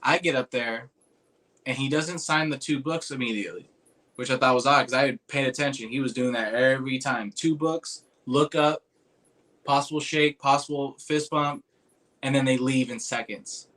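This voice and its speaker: A man's voice: medium pitch, normal speed. A young man in casual chat, telling a long story, acting out the other people's lines with lots of restarts. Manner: animated, acts out quoted voices, rambling with restarts. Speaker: podcast host telling a story.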